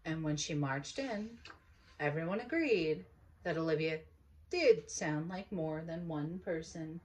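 A woman, a mother, reading a children's storybook aloud in an expressive, unhurried way. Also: deep voice.

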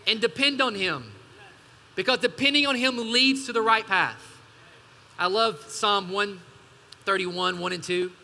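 A male pastor with an extremely high, sharp voice preaches a sermon in a church hall, throwing emphatic call-and-response asides to his congregation. The recording carries the hall's reverb.

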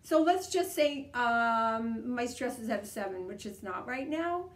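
A woman leading a guided tapping session, coaching calmly and repeating each step. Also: a little high, a little slow. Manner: calm, repetitive, coaching tone. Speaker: EFT tapping practitioner. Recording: echoey room.

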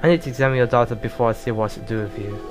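A man's voice: mid-range voice, racing, faint music behind, natural voice. Man doing a threatening small-town cop for a game, stern interrogator. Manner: cold, interrogating.

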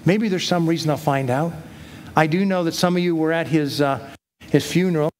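A man's voice: on the high side, moderate pace, darkish tone. A middle-aged man preaching a sermon as pastor, earnest, reading scripture aloud with rising emphasis. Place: church hall.

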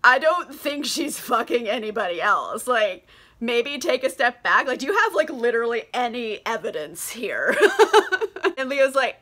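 A woman's voice: fairly high pitch, very animated, takes it slowly, sharp tone. A tipsy young woman vlogging a casual, profane book summary, giggly and gushing, saying "like" all the time. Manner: giggly, crude, gushing, heavy on "like".

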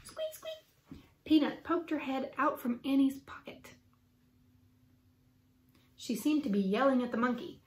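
A woman teacher reading a children's book aloud with lively, expressive storytelling. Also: high voice, measured pace, long pauses. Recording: roomy echo.

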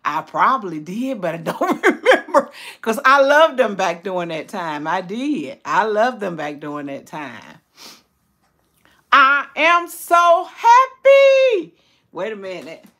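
An older woman hosting a casual cooking livestream, greeting viewers by name and reading their comments aloud. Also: normal speed. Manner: excited high squeals and laughter when greeting friends. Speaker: cooking channel host.

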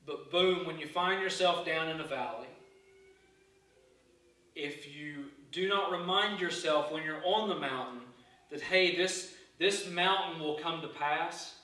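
A man preaching a sermon from the pulpit in an earnest, halting way, often doubling back on his words. His voice sits a little high and sounds bright and forceful. The recording catches him from a distance in a very echoey church hall. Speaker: pastor. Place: church sanctuary.

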